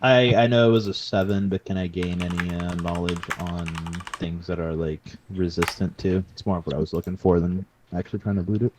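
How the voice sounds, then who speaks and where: A man talks casually through his turn in a tabletop game. His voice sits low, and he is amused and quick to laugh. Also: fairly even intonation, noisy background. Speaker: player.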